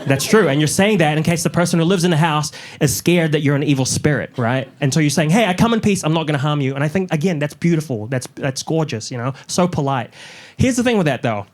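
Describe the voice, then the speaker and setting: A young man from New Zealand doing a stand-up comedy set in front of a live audience, telling stories with lively delivery and little put-on voices. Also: a little high, quick pace. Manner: animated storytelling, mocks up little voices.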